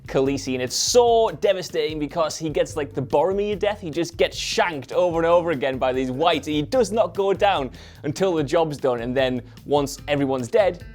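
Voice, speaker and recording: Male panelist, earnest enthusiast, soft music bed. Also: fairly high pitch, lively intonation, normal speed. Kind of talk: casual chat.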